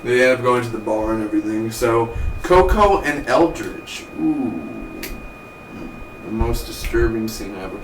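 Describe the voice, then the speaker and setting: A man casually recapping a TV episode, rambling and acting out the characters' lines in quick offhand impressions. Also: mid-range voice. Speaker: TV review vlogger. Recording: roomy, distant from the mic, faint noise.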